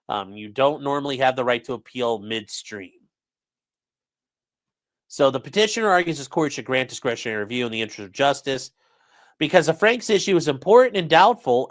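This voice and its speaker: A man breaks down a court order for his livestream chat in a loose, sarcastic way. His voice sits a bit high and swings widely in pitch, and he keeps up a running stream of asides. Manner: casual, sarcastic, lively asides. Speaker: legal commentary streamer.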